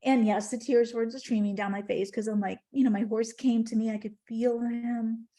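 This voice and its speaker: A woman's voice: fairly high pitch, level tone, normal speed, dark tone. A middle-aged woman, a podcast guest, telling a heartfelt spiritual story in conversation.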